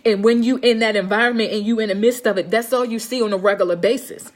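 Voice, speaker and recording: A woman's voice: on the high side, steady tone, quick pace. A woman, giving a blunt, profane motivational talk on a live stream and often asking if her listeners understand. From Baltimore, Maryland. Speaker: live streamer and home health nurse.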